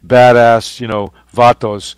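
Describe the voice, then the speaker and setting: A man's voice: mid-range voice, little pitch movement, slow pace, very noisy. A man, a photographer guest on a radio show, telling anecdotes in a loose, rambling way with many fillers. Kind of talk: casual interview storytelling. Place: radio studio.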